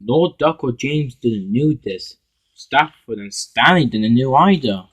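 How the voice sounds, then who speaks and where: Husky man narrating a fan story. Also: mid-range voice, lively intonation, poor audio. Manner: halting, frequent restarts and slips. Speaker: narrator and voice of all characters.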